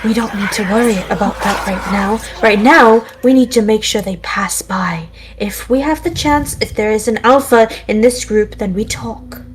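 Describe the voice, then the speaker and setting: A woman playing her character at a tabletop game, speaking calmly and cautiously. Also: medium pitch, moderate pace, few pauses, a little hiss or hum. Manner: calm, cautious. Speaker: player.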